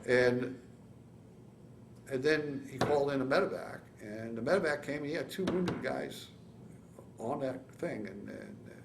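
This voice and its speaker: A man in his seventies from San Francisco, telling his war story in an oral history interview, with halting restarts and acted-out quotes. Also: medium pitch, reverberant, noisy background. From San Francisco, California. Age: 70s. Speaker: veteran interviewee.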